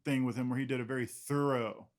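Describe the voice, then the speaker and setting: A man's voice: medium pitch, steady tone, fast talker. A man, an illustrator guest in an interview, talking casually in a rambling, self-deprecating way with frequent laughs.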